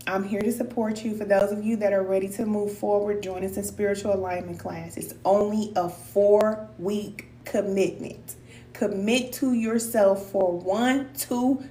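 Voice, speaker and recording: On an echoey live stream with a far-off mic and a faint hum, a warm woman gives her viewers a casual pep talk. She's a spiritual teacher whose mid-range voice stays fairly even and a touch slow, and she calls people cousin and repeats lines for emphasis in loose, colloquial speech.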